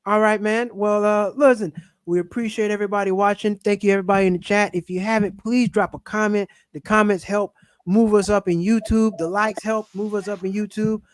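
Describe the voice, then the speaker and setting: A man hosting a relaxed live-stream chat, talking loosely and swearing without a second thought. His voice sits high for a man. The sound is dry and close. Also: a little fast, smooth, no echo. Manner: laid-back, swears casually. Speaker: livestream host.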